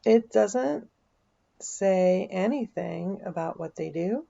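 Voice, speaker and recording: Gravelly-voiced woman thinking aloud. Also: mid-range voice, lively intonation, slow, mellow, lo-fi sound. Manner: chatty, thinking aloud, dry asides. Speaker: vlogger. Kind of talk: casual screen-share walkthrough.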